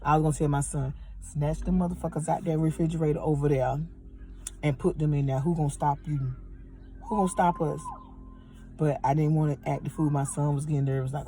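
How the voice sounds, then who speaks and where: A woman's voice: sits low, brisk, a little hiss or hum. Heated woman ranting from her car. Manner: heated, profane, animated retelling. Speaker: vlogger telling a story. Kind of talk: angry storytime rant. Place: parked car.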